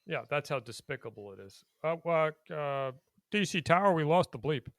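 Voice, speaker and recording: A man co-hosting a casual political chat, animated and indignant, breaking into laughs. His voice sits fairly high for a man. The sound is close and dry, with no room around it. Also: moderate pace, no room sound. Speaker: podcast co-host.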